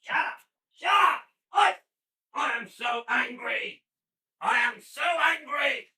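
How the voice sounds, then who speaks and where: An enraged yeller, shrill and bright, slow and bellowing, recorded off-mic in an echoey room. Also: male voice, exaggerated voice. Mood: furious. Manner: yelling, ranting. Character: furious shouting man, Mister Angry. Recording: roomy, distant from the mic.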